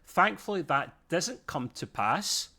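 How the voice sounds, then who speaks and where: A man's voice: on the high side, big pitch swings, slow pace, sharp tone. Chatty man reviewing an episode. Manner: chatty, laughing, filler-heavy. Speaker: podcast co-host. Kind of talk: casual review chat.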